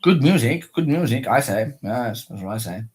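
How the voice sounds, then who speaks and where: Husky, rambling man vlogging. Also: medium pitch, expressive, normal speed, a little mellow. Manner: self-mocking, swings from giggling to muttering. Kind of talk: rambling solo chat to camera.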